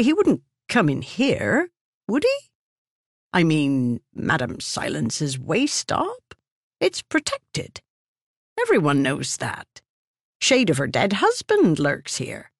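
A woman voicing a nervous, sweating small-time man who stammers and squeaks. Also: huge pitch swings, extremely slow, long pauses, dry recording, clean studio sound, exaggerated voice. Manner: stammering, squeaky pitch jumps.

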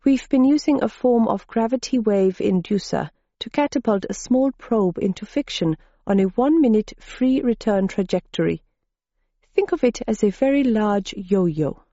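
A woman's voice: medium pitch, animated, moderate pace, dark tone, dry recording, muffled recording. A woman voicing a tall, earnest Swedish woman scientist who explains technical things politely, in a Swedish accent.

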